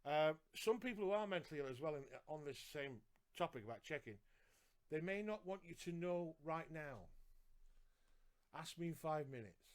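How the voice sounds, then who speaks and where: Earnest man, a little high. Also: animated, fairly quick, smooth. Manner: earnest, lists points, repeats for emphasis. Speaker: podcast co-host and carer. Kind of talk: casual live podcast chat.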